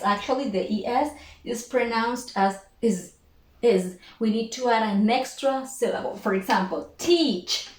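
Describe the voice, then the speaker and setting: A woman teaching English pronunciation, repeating each word and sound slowly and carefully. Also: on the high side. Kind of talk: pronunciation lesson. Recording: echoey room, faint noise.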